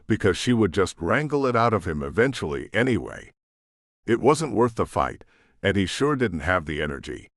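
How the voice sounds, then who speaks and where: A male audiobook narrator with a fairly low voice, reading in measured storytelling with lively shifts of pitch. The recording is dry and close. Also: dry recording. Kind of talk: scripted narration.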